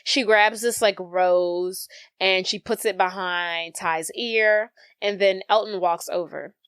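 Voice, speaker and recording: A woman's voice: medium pitch, slow, clean tone, no echo. A young woman co-hosting a podcast, casually recapping a movie scene by scene and acting out the characters' lines. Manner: animated retelling with quoted character voices. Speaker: podcast co-host.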